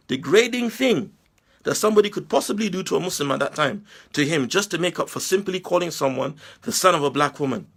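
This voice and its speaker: A Nigerian man giving a forceful, preachy monologue full of rhetorical questions. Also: a little high, gravelly, breathy edge. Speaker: Muslim commentator. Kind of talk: impassioned video monologue.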